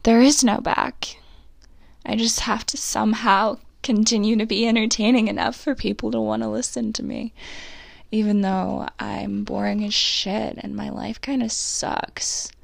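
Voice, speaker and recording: A woman's voice: medium pitch, level tone, unhurried, vocal fry, no room sound. A young woman hosting her own podcast, chatting candidly and rambling, with frequent swearing. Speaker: podcast host. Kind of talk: confessional solo podcast chat.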